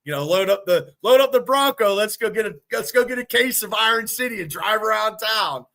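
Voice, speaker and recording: A man in his fifties swears his way through a rambling story on a casual sports podcast. His voice sits high and sounds bright and sharp, and he talks loosely, piling up restarts. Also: expressive, fairly quick, gravelly. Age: 50s. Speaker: podcast co-host.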